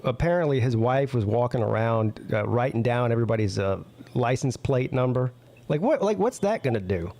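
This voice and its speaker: A man chatting casually with a host, laughing along and chiming in with quick remarks. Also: medium pitch, lively intonation, mellow. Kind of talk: casual chat.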